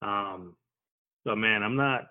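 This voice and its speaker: A man's voice: fairly low pitch, slow pace. A man joining a sports talk show as a guest, chatting casually and speaking as a fan of his team. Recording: tinny phone line.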